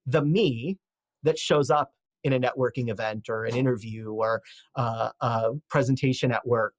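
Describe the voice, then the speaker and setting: A man's voice: medium pitch, normal speed, dry recording. Reflective man, dry close sound. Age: 40s. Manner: reflective, rambling with fillers and restarts. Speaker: podcast guest. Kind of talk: conversational advice on a podcast.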